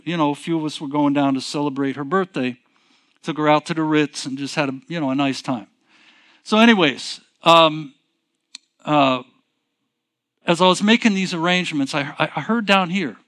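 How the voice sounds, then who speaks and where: A pastor with a fairly high, fairly bright voice relates a personal story in his sermon. His delivery is chatty and meandering, with repetition and many fresh starts on "so anyways."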